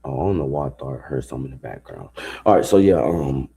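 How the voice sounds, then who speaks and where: A man's voice: extremely low pitch, expressive, quick pace, vocal fry, warm tone, breathy edge. A man streaming a live reaction to a video, talking in a loose, profane and rambling way. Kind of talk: casual live reaction commentary.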